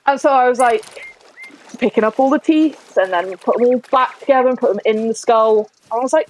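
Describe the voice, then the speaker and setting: A woman's voice: fairly high pitch, a little fast, a little mellow, low-quality recording. A woman in her twenties with a Somerset accent, chatting casually on a gaming stream, laughing often and poking fun at herself. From Somerset, England. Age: 20s. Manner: chatty, giggly and self-deprecating. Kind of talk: casual chat while gaming.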